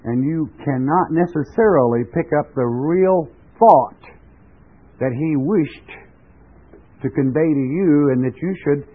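A man's voice: fairly high pitch, measured pace. An older man preaching a sermon in a folksy, storytelling way, chuckling now and then as he talks. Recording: tinny phone-like radio broadcast.

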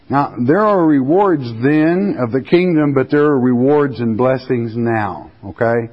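Slow, husky-voiced folksy preacher. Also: male voice, mid-range voice, animated. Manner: folksy, drawn-out emphatic reading of scripture. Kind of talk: sermon. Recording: dull recording in a reverberant hall.

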